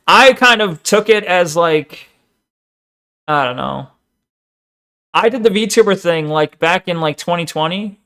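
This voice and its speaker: A male streamer chatting casually while reacting to a video, with a high voice. His tone is bright, and he swears and laughs freely. When he gets excited, he trips into stammers. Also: a little slow, long pauses. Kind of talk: casual chat.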